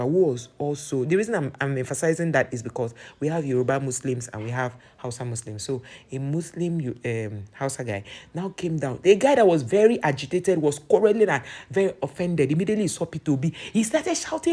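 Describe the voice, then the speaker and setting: A young woman with a Nigerian accent, telling a political story in casual, animated commentary full of restarts. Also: low voice.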